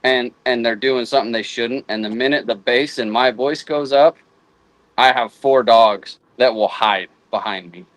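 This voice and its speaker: In a casual conversation, a man who is a guest houndsman speaks haltingly, frequently restarting and repeating words while thinking. His voice is medium-pitched and a bit bright, and the audio is poor with no echo.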